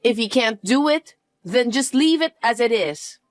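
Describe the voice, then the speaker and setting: An older woman, recorded with studio quality and no room sound, voices an elderly mother-in-law who needs care in a narrated family drama. Her slightly high, animated, somewhat slow delivery is plaintive, first meek and then suspicious.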